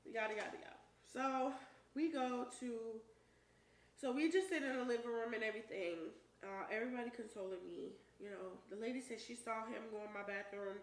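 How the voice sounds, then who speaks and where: A young adult woman telling a personal story to camera, emphatic and profane, with loud shouted quotes. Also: fairly high pitch, fairly quick. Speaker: vlogger. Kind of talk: storytime while eating on camera. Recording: roomy echo, voice a bit far from the mic, faint noise.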